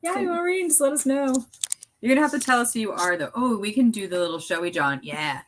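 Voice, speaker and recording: A woman's voice: a little high, expressive, quick pace. A middle-aged woman co-hosting a casual late-night live stream, bubbly and chatty, pulling tarot cards and laughing often.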